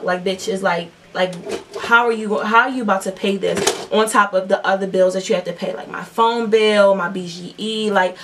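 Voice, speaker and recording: A woman's voice: mid-range voice, fairly bright tone, distant mic, a little hiss or hum. A young woman telling a long, profane storytime while doing her makeup, rambling with lots of fillers. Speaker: beauty vlogger.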